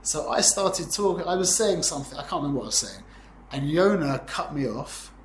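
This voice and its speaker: A man's voice: on the high side, animated, fairly quick, slight background noise. Man in his forties teaching, roomy echo. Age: 40s. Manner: rambling, conversational, peppered with "yeah?" checks. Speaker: Torah teacher. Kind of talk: informal class lecture.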